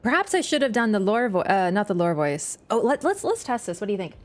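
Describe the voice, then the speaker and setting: A young woman chatting live while she plays, giggly and self-mocking. Her voice sits at a middling pitch and jumps high when she laughs. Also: very animated, quick pace. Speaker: livestreamer. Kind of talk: casual game-stream chat.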